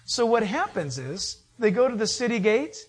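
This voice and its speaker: Brief: preacher, mid-pitch voice, casual storytelling sermon, loose and chatty. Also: sing-song, moderate pace, slightly rough. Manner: conversational storytelling with fillers.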